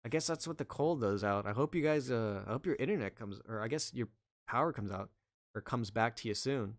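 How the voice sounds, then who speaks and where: A man's voice: medium pitch, expressive, fairly quick, no room sound, clean studio sound. Chatty man streaming a game. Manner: chatty, wry, talks to chat. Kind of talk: casual game commentary. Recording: loud game music behind.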